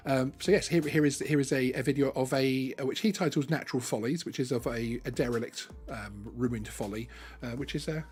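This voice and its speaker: A man's voice: mid-range voice, a little fast, darkish tone, faint music behind. Chatty man hosting a live stream. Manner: chatty, lots of ums and restarts. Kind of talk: casual live stream chat.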